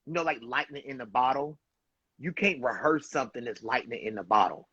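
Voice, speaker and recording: A man's voice: medium pitch, brisk, fairly bright tone, breathy edge, dry recording. A man hosting a casual interview show, effusive and encouraging toward his guest. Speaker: host. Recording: dull muffled dry sound.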